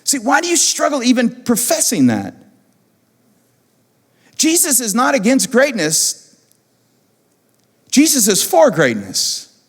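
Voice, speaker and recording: Man, pastor, lively high-pitched sermon voice, repeats lines for emphasis, long hall reverb. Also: slow, long pauses, husky. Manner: animated, repeats phrases for emphasis. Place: church auditorium.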